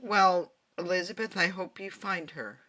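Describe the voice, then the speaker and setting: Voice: medium pitch, normal speed, pushed and bright. A player in a tabletop game speaking in character, playful and curious. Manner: playful, curious, laughs often.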